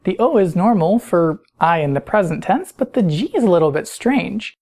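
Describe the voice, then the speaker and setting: Woman teacher, low mellow voice, patient explainer who quizzes the listener. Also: lively intonation, normal speed. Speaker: Spanish teacher. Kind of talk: recorded grammar lesson.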